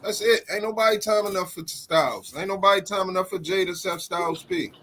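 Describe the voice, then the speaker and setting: A man with a slightly higher voice argues matchups in relaxed conversation, with faint noise in the background. He talks in slang and gets hyped as he makes his case. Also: fast. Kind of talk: casual chat.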